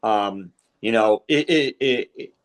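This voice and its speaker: Here the referee speaks slowly in a lowish voice. The middle-aged man is a podcast guest, rambling through stories in a relaxed interview, full of fillers and conversations he recounts.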